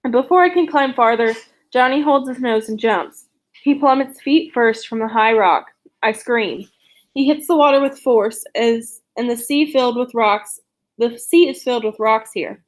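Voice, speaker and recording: A woman with a fairly high voice reads a novel aloud. Her narration is steady and unhurried, in a plain first-person storytelling manner. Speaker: reader of a novel.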